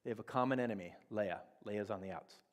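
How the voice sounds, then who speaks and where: A man's voice: on the low side, fast talker. Man teaching in a reverberant church. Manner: conversational teaching, acts out quoted dialogue. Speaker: church speaker. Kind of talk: sermon on relationships. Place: church sanctuary. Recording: long reverb of a church hall.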